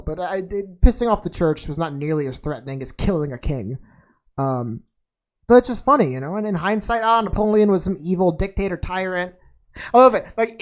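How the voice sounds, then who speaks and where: A woman's voice: fairly low pitch, darkish tone. A woman hosting a podcast in casual chat, rambling off on tangents with a slangy, laid-back manner and plenty of fillers and restarts. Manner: laid-back and slangy, calling listeners dude and man. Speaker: podcast host.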